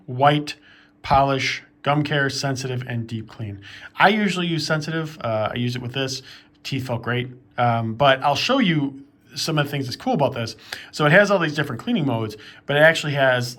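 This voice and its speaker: A man giving a casual, conversational product review, talking loosely with plenty of fillers. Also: mid-range voice. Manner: relaxed and conversational, with frequent fillers.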